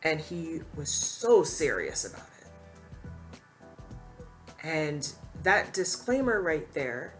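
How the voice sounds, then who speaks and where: A woman's voice: low-pitched, very animated, slow pace, pauses often, a bit bright, soft background music. A woman giving earnest, emphatic opinion commentary to camera, now and then quoting others in a mocking voice. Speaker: commentary YouTuber.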